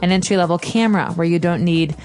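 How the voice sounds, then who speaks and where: A woman's voice: on the low side, quick pace, a little mellow, soft background music. A woman co-hosting an English lesson podcast, patiently explaining phrases with examples. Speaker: co-host, English teacher. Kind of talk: explaining vocabulary.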